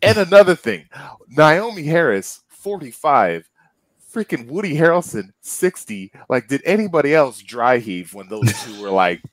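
A man co-hosting a casual movie review podcast, rambling with many fillers and restarts, and getting animated when he is annoyed. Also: medium pitch, normal speed, dry recording. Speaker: podcast co-host.

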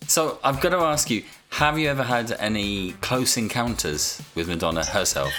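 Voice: mid-range voice, animated, moderate pace, pushed and bright, echoey room, distant mic, soft background music. A host asking questions and reacting encouragingly in casual chat.

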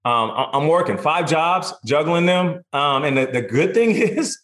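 A man in his thirties, a guest in a casual interview, telling stories in a lively way and acting out what others said. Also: fairly high pitch, unhurried. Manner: animated, acts out quotes in voices. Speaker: podcast guest, sports broadcaster. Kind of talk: casual storytelling chat.

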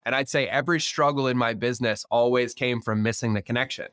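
A man hosting a podcast interview in casual chat, energetic and swearing freely, acting out the dialogue he quotes. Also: mid-range voice, fast talker, smooth, no room sound, studio quality. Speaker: podcast host.

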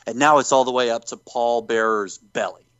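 A man in casual chat, retelling events in an animated way and acting out quotes as he goes. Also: medium pitch, normal speed, clear, resonant tone, dry recording, dull audio. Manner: animated storyteller who acts out quotes. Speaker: podcast co-host recapping wrestling.

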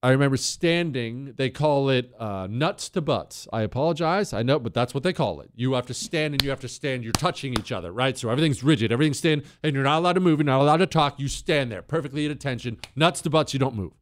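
A man's voice: medium pitch, fast, few pauses, noisy background. A middle-aged man from Montana, hosting a talk show and telling a personal story in a wry, conversational way. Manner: conversational, wry, animated when shouting drill instructor lines. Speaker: radio talk show host. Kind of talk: storytelling monologue.

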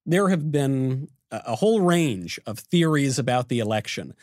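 Male podcast host; animated pitch, dry close sound, conversational. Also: moderate pace, dry recording. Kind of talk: casual political podcast talk.

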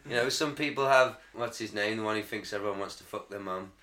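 A man in his thirties banters and rants with plenty of swearing. His voice has a mid pitch and a bright edge. The room around him is echoey. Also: quick pace. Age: 30s. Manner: sweary, joking, ranting. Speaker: podcast co-host. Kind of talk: casual comedy banter. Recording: roomy echo.

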